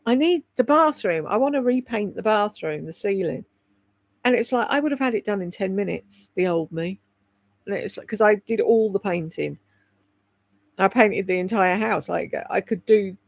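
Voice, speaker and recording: A woman's voice: mid-range voice, creaky, no echo. A woman in her sixties chatting from home on a livestream, swearing freely, laughing often and rambling candidly. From United Kingdom. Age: 60s. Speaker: livestream host reading chat. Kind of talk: casual chat on a livestream.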